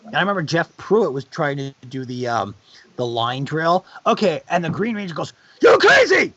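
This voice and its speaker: A middle-aged man chats on a live stream, his husky, bright voice jumping all over the place as he tells stories. He breaks into loud, squeaky quoted lines along the way. The audio is dull and lo-fi. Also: normal speed. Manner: animated anecdotes with loud high-pitched acted quotes. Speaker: guest on a charity live stream. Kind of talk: casual chat, storytelling.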